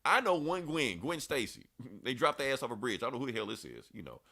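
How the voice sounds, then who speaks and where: A man's voice: medium pitch, big pitch swings, fast talker, creaky, sharp tone. A man hosting a podcast, recapping a comic book in a loose, profane, chatty way. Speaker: podcast host. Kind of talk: casual comic book review chat.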